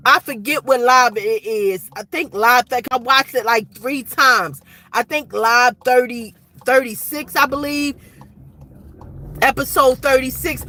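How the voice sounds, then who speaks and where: A woman's voice: high-pitched, sharp tone, poor audio. A woman in her forties recording an impassioned, rambling vlog rant outdoors at night, repeating herself as she talks. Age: 40s. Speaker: vlogger.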